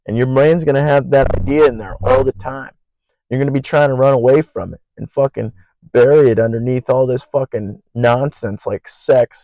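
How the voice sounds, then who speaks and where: A young man hosts his podcast solo, rambling in an earnest stream full of swearing. His voice sits at an ordinary middle pitch and runs loud by habit. The sound is dry and close, with no room around it. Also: no room sound, poor audio. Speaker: podcast host. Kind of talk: casual solo podcast monologue.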